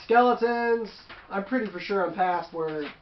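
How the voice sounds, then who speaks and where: Brief: chatty game master, man, high-ish voice, rambling with asides, dull roomy sound. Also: moderate pace, a little hiss or hum. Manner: rambling, with asides and self-corrections. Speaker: tabletop game master recounting a session. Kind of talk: casual storytelling.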